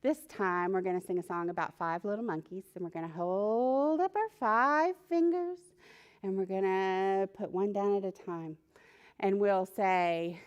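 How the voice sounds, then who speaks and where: Her voice medium in pitch, clear and resonant, a female children's librarian reads a picture book to preschoolers a little slowly. She's animated and keeps asking the children questions.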